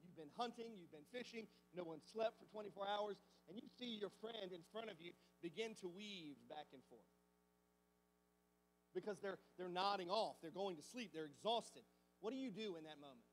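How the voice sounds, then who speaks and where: A man's voice: high-pitched, lively intonation, normal speed, long reverb tail, slight background noise. A man preaching a sermon as pastor, talking conversationally and asking the congregation many rhetorical questions. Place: church sanctuary.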